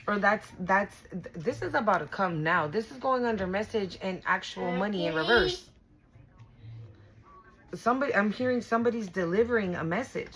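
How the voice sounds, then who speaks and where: This tarot reader talks to her viewers at a normal speed, her mid-range voice lively in intonation and fairly bright, though the recording is low quality. Casual and profane, she keeps restarting and repeating lines for emphasis.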